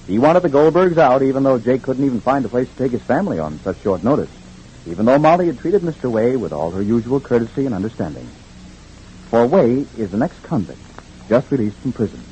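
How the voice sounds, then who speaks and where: A man's voice: medium pitch, fairly quick, slight background noise, rough recording. A man announcing and narrating a recap for an old-time radio show in scripted narration. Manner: lively dramatic announcing.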